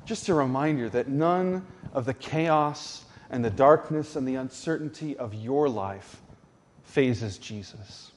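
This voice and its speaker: A man preaching a sermon as pastor, slow and deliberate, leaning on emphatic repetition. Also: medium pitch, big-room sound, slight background noise.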